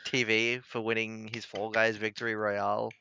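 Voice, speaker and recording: A man's voice: fairly low pitch, level tone, normal speed, creaky, bright, forceful tone, clean tone, lo-fi sound. A man co-commentating a fighting game stream in a casual, chatty way, laughing often. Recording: stream with game music underneath. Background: game music.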